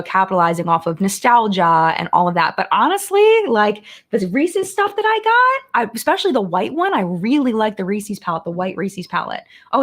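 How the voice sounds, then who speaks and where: A woman hosting a casual live-stream chat from home, gushing and chatty with lots of "like", sliding into sing-song baby talk for her dogs. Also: mid-range voice.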